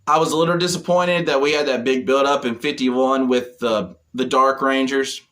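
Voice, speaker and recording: A man's voice: medium pitch, fairly even intonation, normal speed, a bit bright. Chatty man recapping a comic. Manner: rambling plot retelling with fillers. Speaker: comic book reviewer. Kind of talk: casual spoken review.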